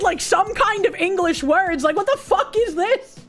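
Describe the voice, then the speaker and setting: A streamer with a very high voice talks at an unhurried pace over faint background music. She chats casually, reads posts out loud, and acts out both parts of a lively story.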